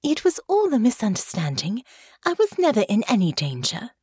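A woman's voice: sits high, very animated, a little slow, no echo, studio quality, voice pushed up. A woman narrator voicing a polite, composed young noblewoman in a soothing tone in an audiobook.

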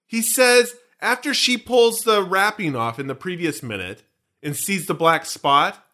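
On a laid-back podcast, a male co-host walks through a film scene by scene, cracking jokes and wandering off on tangents. His slightly high voice ranges widely in pitch, sounding bright and forward, and he talks a little slowly.

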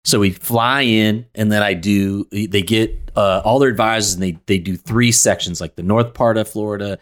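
A man co-hosting a podcast and coaching a sales team, talking in a relaxed, reflective way with frequent "um"s. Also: lowish voice, normal speed. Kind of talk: casual podcast chat.

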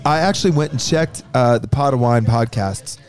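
A man's voice: mid-range voice, moderate pace. A man co-hosting a casual backstage podcast with his bandmates, rambling with lots of fillers and restarts. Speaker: band member and podcast co-host.

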